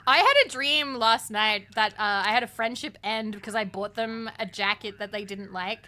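A woman's voice: mid-range voice, fairly even intonation, normal speed, bright, forceful tone. A young woman from Australia chatting playfully with her chat while streaming a game, giggling often. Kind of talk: casual livestream chat while gaming.

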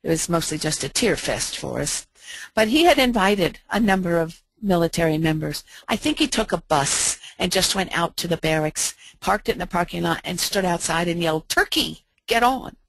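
A middle-aged American woman telling a heartfelt personal story in a gentle, slow, reflective way with soft pauses. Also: fairly low pitch, dry recording. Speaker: speaker.

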